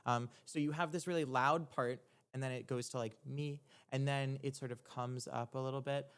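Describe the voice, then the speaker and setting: A young man in the middle of his range talks through his own music on a livestream. His voice is smooth and resonant, and his speech is loose and rambling, full of ums, false starts and the odd swear word. He comes across as a producer thinking aloud for his chat. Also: medium pitch, fairly even intonation, moderate pace, fairly bright tone. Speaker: music producer streaming a track breakdown. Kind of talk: casual explanatory livestream talk.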